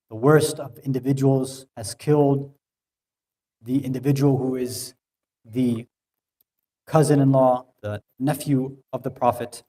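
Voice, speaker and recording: A man's voice: high voice, darkish tone. A man delivering a sermon, telling a story with growing emotion. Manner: emotional storytelling, rising in intensity. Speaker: speaker at an Islamic center. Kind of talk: sermon narration.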